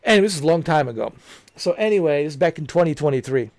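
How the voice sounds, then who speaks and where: Amused and laughing at his own tale, a gaming streamer rambles easily through a story, scattering "dude" and "you know" throughout. His voice sits a little high for a man and is expressive, quick, a little mellow, and touched with vocal fry. The audio is dry and close, with no room around it and no echo.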